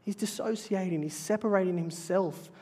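A male pastor preaching a sermon in a church, earnest and emphatic, slowing down to stress key phrases. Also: high-pitched, darkish tone. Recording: long reverb of a large hall.

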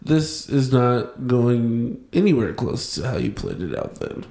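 A man in a casual podcast chat, blunt and quick to agree with short remarks. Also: medium pitch, wildly swooping pitch, creaky, mellow, roomy sound. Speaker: podcast co-host.

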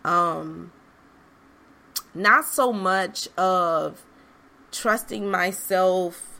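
A woman's voice: lowish voice, a bit bright. A woman hosting a podcast, speaking in an earnest, conversational way straight to her listeners. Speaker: podcast host. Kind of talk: reflective motivational monologue.

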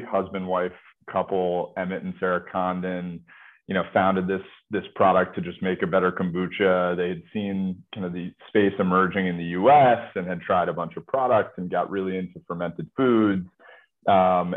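A man, a company executive being interviewed, answering in a relaxed way and leaning often on filler phrases. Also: deep voice. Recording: tinny phone-like line.

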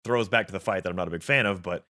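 Man, low voice, rapid delivery, enthusiastic, rambling, casual film chat. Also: pushed and bright. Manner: enthusiastic, rambling with many fillers.

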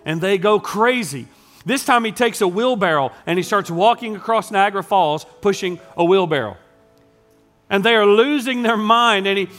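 A man preaching a sermon as pastor, dropping to hushed lines and then building up loud as he tells a story. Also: high-pitched.

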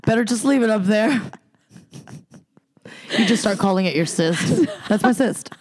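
A woman's voice: mid-range voice, lively intonation, moderate pace, a little mellow. A woman co-hosting a podcast, trading crude jokes in casual chat. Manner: crude, joking banter. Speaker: podcast co-host.

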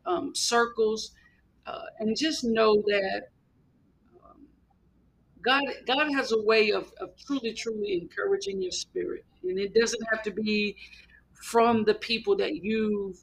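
A man's voice: sits high, creaky, fairly bright tone, rough recording. A man hosting a devotional podcast, exhorting listeners in an earnest preacherly way with lots of repetition. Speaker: podcast host.

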